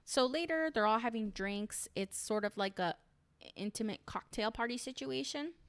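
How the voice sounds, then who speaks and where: A woman with a smooth, clean voice gives a casual recap of a reality show. She chats on with opinions and many fillers. The sound is dry and close, with no room echo. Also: fairly high pitch, animated, normal speed. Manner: chatty and opinionated, lots of "like" and "um".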